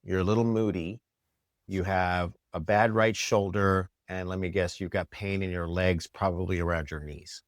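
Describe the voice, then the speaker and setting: This is a man with a fairly low voice, recorded dry and close in a studio. He tells a story as a podcast guest in an animated way, often acting out the lines others said to him. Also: normal speed, dry recording. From United States. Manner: animated, acts out quoted dialogue. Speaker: chiropractor guest.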